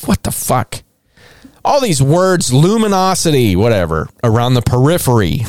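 A man's voice: mid-range voice, expressive, normal speed, darkish tone, dry recording, studio quality. A man hosting a comedic podcast, retelling strange stories with irreverent mockery and frequent swearing. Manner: irreverent, mocking, swears often, laughs at own material. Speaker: podcast host.

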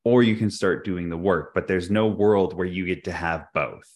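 A man's voice: sits low, a little mellow. A man co-hosting a podcast, talking candidly and reflectively in casual chat. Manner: candid, reflective, quick to laugh. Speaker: podcast co-host.

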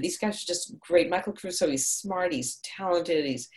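A woman's voice: lowish voice, moderate pace, a little mellow. A middle-aged woman from Hungary, an actress, chatting upbeat in an interview, digressing and laughing often. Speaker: actress and audiobook narrator. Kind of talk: casual interview answers.

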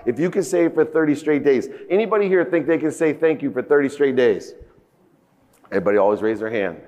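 Fast and animated, a man with a warm, mid-range voice gives a motivational keynote on a large conference stage. He acts out dialogue in emphatic stories that swell into outbursts, the hall's long reverb trailing each line.

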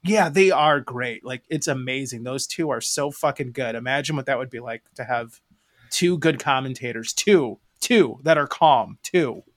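A man's voice: medium pitch, normal speed, no echo. Swearing, rambling Michigan man. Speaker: podcast co-host. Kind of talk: casual chat.

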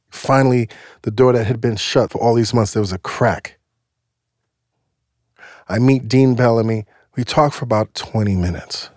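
A man telling a personal story in a casual, animated way, swearing now and then and acting out what people said. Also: mid-range voice, normal speed, pauses often, no echo. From United States. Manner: animated, swears, acts out quotes. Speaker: guest storyteller.

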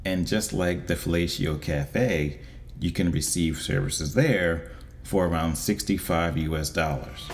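A man giving a casual, wry monologue as a vlogger, with deliberate pauses. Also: sits low.

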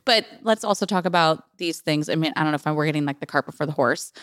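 A woman's voice: low voice, fast talker, no echo, clean studio sound. Giggly woman podcast host. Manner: giggly, retells stories with lively put-on quotes. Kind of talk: casual podcast chat.

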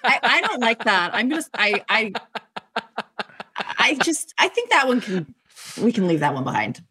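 Dry teasing woman on a zoom podcast, bright clear voice, deadpan jokes. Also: a little high, normal speed. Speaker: podcast guest, writer and director. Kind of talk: casual chat over video call. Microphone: video call.

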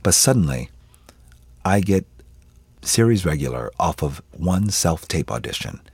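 A very deep, husky male voice, recorded close and dry on a studio mic. He tells stories in a radio interview with lively energy and acts out the people he quotes. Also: a little slow, no room sound. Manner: animated storyteller acting out quoted voices. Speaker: actor guest.

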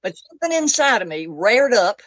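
Animated woman telling a personal story. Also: medium pitch, fairly quick, no echo. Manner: animated, acts out other people's lines; emotional, close to tears at times. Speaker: interview guest. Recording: dull, lo-fi dry recording.

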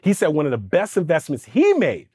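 A man telling a personal story on a podcast, animated and lively, slipping into voices for the people in it. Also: on the high side, fairly quick, husky, dry recording, clean studio sound. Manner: lively, does voices for people in his stories, stammers when excited. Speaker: podcast guest, speaking coach. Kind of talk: animated storytelling in casual interview.

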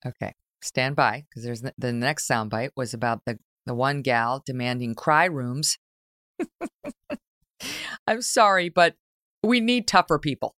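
A woman's voice: a bass voice, expressive, moderate pace, a bit bright, dry recording, studio quality. Blunt, laughing woman talk host. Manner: blunt, laughs often, swears. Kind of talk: casual interview chat.

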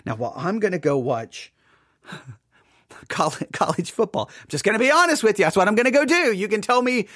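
Animated high-voiced male podcast host. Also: brisk, dry recording, clean studio sound. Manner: animated and exasperated, with rising questions and asides. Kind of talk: solo podcast commentary on a Bible study text.

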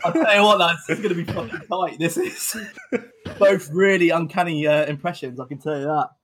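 A man's voice: on the high side, a little fast, a bit bright, a little hiss or hum. A man hosting a comic quiz on a podcast, swearing and joking as he talks. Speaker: quizmaster on a podcast. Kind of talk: casual comic banter.

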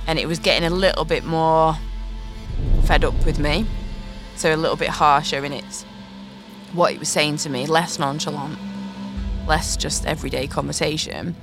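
A woman's voice: low voice, steady tone, normal speed, long pauses, music in the background. Reflective woman telling a story. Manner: earnest, reflective, with nervous laughs. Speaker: podcast host. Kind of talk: personal storytelling.

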